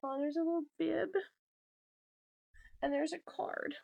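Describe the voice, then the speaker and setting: A woman hosting a crafts video, chatting casually and gushing with warm emotion over each item. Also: high-pitched, flat delivery, a little slow, creaky, muffled recording. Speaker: podcast host. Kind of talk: casual chat to camera.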